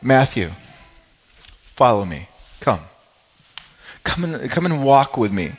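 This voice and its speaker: A man voicing a calm, gentle teacher, speaking softly and slowly, recorded with dull lo-fi sound. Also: mid-range voice, husky, heavily acted. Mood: inviting.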